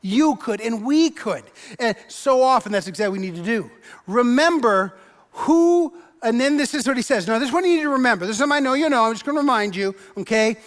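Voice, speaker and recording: A pastor giving a sermon in a church, conversational and wry, with emphatic turns. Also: male voice, very high-pitched, expressive, fast. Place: church sanctuary. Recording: long reverb of a large church hall.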